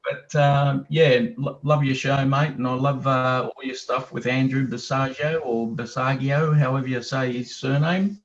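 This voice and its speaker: An Australian man calls in to a show, rambling in a friendly, hesitant way full of ums. His line sounds dull and lo-fi, and his pitch is ordinary. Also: fairly even intonation, normal speed, hardly any pauses, slight background noise. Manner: chatty, hesitant, lots of ums. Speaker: caller. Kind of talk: casual call-in chat. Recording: dull lo-fi call audio.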